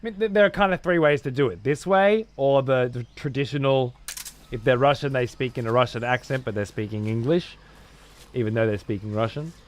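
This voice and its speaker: A man's voice: mid-range voice, a little fast. A young man giving casual, profane commentary while playing a game and thanking viewers. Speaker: let's play streamer.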